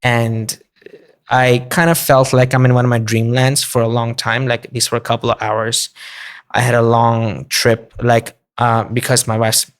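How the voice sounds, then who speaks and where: A man telling a long travel story in a relaxed podcast chat, with many fillers. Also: mid-range voice. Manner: flat, unhurried storytelling with fillers. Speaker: podcast guest. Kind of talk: casual storytelling.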